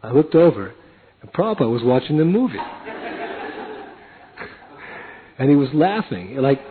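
An older man telling a personal story, animated and often laughing as he acts out voices and chanting. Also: medium pitch, measured pace, a little hiss or hum. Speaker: devotee recounting a personal story. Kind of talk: anecdotal storytelling talk. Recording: tinny phone-like lo-fi audio.

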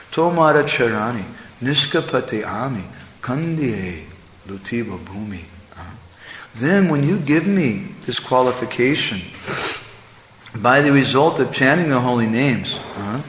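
A man's voice: a bit bright, a little hiss or hum. A man giving a devotional lecture, explaining scripture and asking "right?" and "huh?" along the way. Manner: chants verses in a higher, singing voice. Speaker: spiritual teacher. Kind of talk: devotional lecture with Sanskrit and Bengali verses. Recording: echoey hall with faint ambience.

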